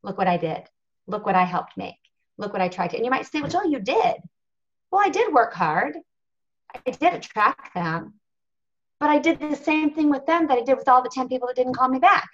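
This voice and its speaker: A woman's voice: sits high, lively intonation, moderate pace, fairly bright tone. Earnest woman on a lo-fi call. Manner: earnest, confessional, emphatic storytelling. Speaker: national marketing director speaking on a team call. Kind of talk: motivational talk on a conference call. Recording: lo-fi conference call audio.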